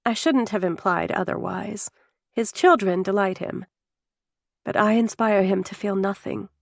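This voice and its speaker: A heartbroken young woman in an audiobook, elegant and homesick, speaking with wounded bitterness, as a female narrator reads her. Her middle-pitched voice sounds close and dry, with no room around it. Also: unhurried, vocal fry, dry recording. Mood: bitter.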